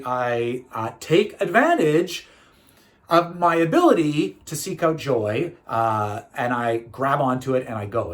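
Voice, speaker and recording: Middle-aged guy from canada rambling through a story to camera, lots of uhs and restarts, mid-range voice. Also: mid-range voice. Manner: chatty, storytelling, many fillers and restarts. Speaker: speaker and consultant. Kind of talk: casual talk to camera.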